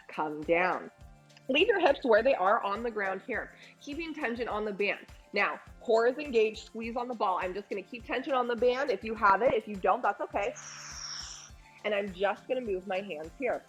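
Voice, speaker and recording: A young woman, a personal trainer, guiding a postpartum core workout and cueing breaths while she does the moves herself, her voice a little strained from the effort. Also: medium pitch. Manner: encouraging, cues breathing while exercising. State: slightly strained from exercising.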